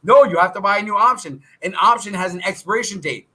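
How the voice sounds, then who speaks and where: A brash man hosts a casual trading Q&A, swearing freely and jumping from one topic to the next. His voice sits high for a man, with a bright, forceful edge. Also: fast, husky. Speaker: stock trading show host. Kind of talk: casual Q&A livestream.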